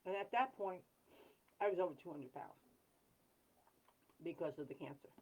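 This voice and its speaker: Woman, lowish voice, candid livestream talk, rambling, blunt, self-deprecating. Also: expressive, moderate pace, poor audio. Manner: rambling and earnest, with frequent "um" and apologies. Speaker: livestream host. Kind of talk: candid live chat.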